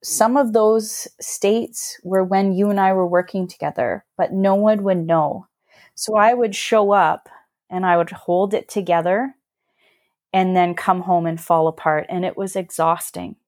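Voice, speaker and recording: A woman's voice: fairly low pitch, a little mellow, no echo, clean studio sound. Earnest woman telling a personal story. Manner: earnest, reflective, emotional storytelling. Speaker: podcast guest.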